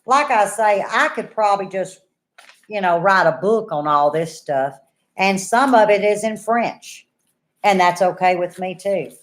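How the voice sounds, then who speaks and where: Older woman host, chatty, folksy storyteller talking straight to viewers at a mid pitch. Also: lively intonation, measured pace. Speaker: homesteading channel host. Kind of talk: casual chat and storytelling to viewers.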